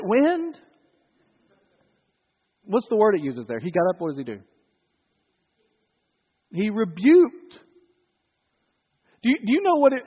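A pastor with a high voice and a breathy edge preaches a sermon, joking conversationally with his congregation. The sound is dull and echoes through a reverberant hall.

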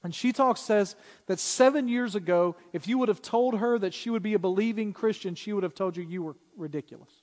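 A high-pitched male pastor preaching in a church sanctuary, his voice trailing off into a long hall reverb. He speaks earnestly and directly, and picks up volume and speed as he tells stories. The tone is that of a Sunday sermon. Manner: earnest, direct preaching that gets louder and quicker when retelling a story.

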